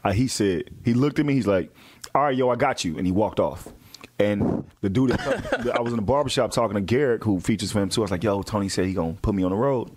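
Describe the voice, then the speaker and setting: A male comedian chatting casually in an interview, telling animated stories and acting out other people's voices. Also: lowish voice, quick pace, slightly rough. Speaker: comedian guest.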